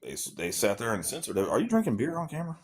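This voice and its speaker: A man's voice: medium pitch, huge pitch swings, racing, breathy edge. A man with a Southern US accent calling into a live debate, swearing and mocking as he argues. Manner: profane, mocking, drawling. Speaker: caller debating the host. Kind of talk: heated casual debate.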